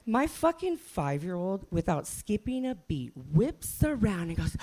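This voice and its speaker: A woman's voice: mid-range voice, very animated, measured pace, few pauses, darkish tone. A woman in her forties doing a brash, profane, self-mocking stand-up comedy set.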